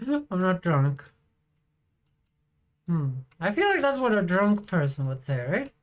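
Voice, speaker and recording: A woman's voice: fairly low pitch, sing-song, unhurried, pauses often. A woman streaming a farming game, chatting casually and teasing her viewers with a playful, giggly manner. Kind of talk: casual live-stream chat.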